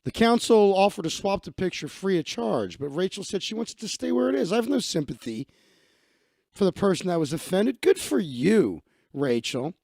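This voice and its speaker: A man's voice: high-pitched, big pitch swings, moderate pace, gravelly, a little mellow, no room sound, clean studio sound. A man hosting a live stream, reading news stories aloud and ranting bluntly with heavy profanity.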